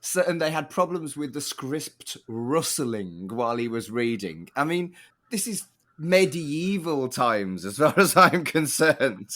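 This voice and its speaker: A man hosting a podcast and telling stories in a relaxed, chatty way, swearing now and then. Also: mid-range voice, measured pace. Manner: lively storytelling, swears casually. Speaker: podcast host. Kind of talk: casual podcast chat.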